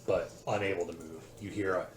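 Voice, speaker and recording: A man's voice: deep voice, fairly even intonation, normal speed, soft background music. A man narrating a tabletop game as game master, describing scenes with suspense. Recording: echoey room with loud noise.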